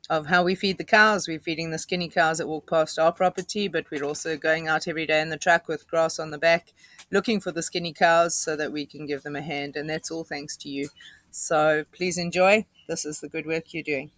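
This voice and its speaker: A woman earnestly thanking supporters, halting and restarting as she speaks. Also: low-pitched, steady tone, a bit bright, dry recording. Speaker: animal rescue volunteer. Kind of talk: thank-you message to supporters.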